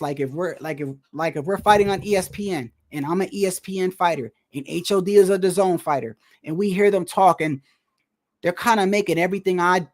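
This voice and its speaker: A man, a boxer, chatting casually about a fight, animated and laughing, saying "bro" a lot. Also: sits high. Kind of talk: casual fight commentary chat.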